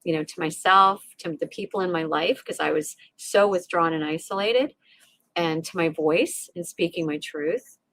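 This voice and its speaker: A woman's voice: on the low side, moderate pace, dry recording. Middle-aged woman sharing a raw story. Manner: animated, acts out her inner voices, frequent restarts and tag questions. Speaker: guest, resilience coach. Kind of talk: emotional personal storytelling in a podcast interview.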